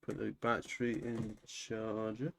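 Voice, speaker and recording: A man's voice: lowish voice, monotone, vocal fry, a bit bright, a little hiss or hum. A man streaming a casual reaction to a video, chatting and swearing between clips. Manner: chatty, swears, quick interjections.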